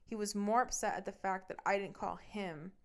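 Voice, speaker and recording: A woman hosts a casual storytelling podcast at a mid-range pitch. She is blunt and swears freely, and she speeds up in an animated way as she retells what happened. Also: moderate pace. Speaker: podcast host.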